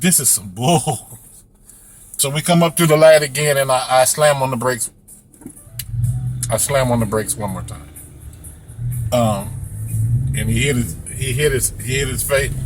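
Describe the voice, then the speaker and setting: A young man, a rideshare driver, telling a story to camera in a casual, animated way and mimicking squeaky sounds. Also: measured pace, long pauses, background noise.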